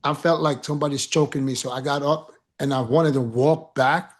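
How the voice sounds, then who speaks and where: A man telling a long personal story in casual podcast chat, animated and profane, often laughing. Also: a little high, moderate pace.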